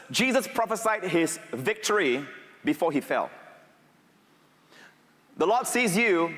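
A man preaching a sermon in a big hall, his fairly high voice ringing off the walls. He climbs to raised, emphatic peaks, then drops to hushed, low, intimate passages. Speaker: pastor. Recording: reverberant hall.

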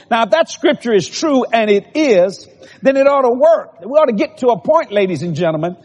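High husky-voiced preacher in a hall. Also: male voice, darkish tone. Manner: repetitive building cadence, calls out to the congregation. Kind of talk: sermon. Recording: long hall reverb.

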